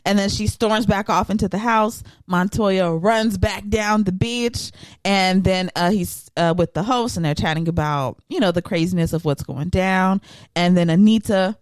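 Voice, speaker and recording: A woman hosts a casual podcast and tells stories with animation, jumping into other people's voices. Her voice sits at an ordinary middle pitch. The sound is close and dry. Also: normal speed, no echo. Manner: animated storyteller who acts out voices. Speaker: podcast host.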